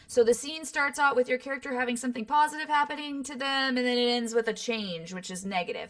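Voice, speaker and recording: A woman's voice: fairly high pitch, fairly bright tone. A woman voice actor from Los Angeles, talking casually in an interview and peppering her points with fillers and "right?". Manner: chatty, many fillers and "right?" tags. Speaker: guest voice actor.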